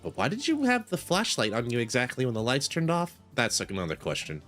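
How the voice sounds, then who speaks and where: A man's voice: medium pitch, huge pitch swings, fairly quick, fairly bright tone, soft background music. A man streaming a shop simulator game, chatting casually in a rambling way, full of fillers. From United States. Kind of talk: casual gaming commentary.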